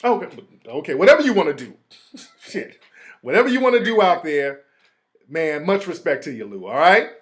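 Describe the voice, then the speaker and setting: Animated streetwise male host. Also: fairly high pitch, normal speed. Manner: animated, streetwise slang, mimics others. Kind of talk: casual monologue.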